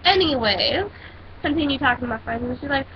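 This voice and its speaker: A woman's voice: high voice, expressive, a little fast. A teenage girl ranting in a casual vlog, telling a story in a sassy, dramatic way. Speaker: vlogger. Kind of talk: casual rant. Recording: dull lo-fi with faint hiss.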